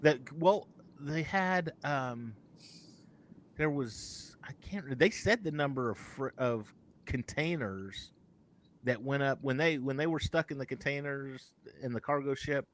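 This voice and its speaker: A man co-hosting a casual live show, talking in an animated, rambling way and often correcting himself mid-sentence. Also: medium pitch, a little slow. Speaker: podcast co-host.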